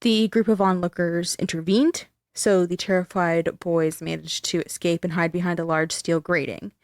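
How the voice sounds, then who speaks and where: A young woman hosting a podcast, talking loosely and swearing as she walks through a spooky tale. Her voice sits at an ordinary middle pitch. The recording is dry and close, with no room sound. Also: no room sound. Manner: chatty, swears freely, tells the story. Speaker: podcast host. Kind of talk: casual chat.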